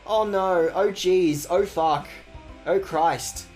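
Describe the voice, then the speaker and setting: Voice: takes it slowly, darkish tone, soft background music. A streamer giving casual, rambling let's-play commentary, swearing and mocking themself. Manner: rambling, crude, self-mocking jokes, swinging pitch. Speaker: game streamer.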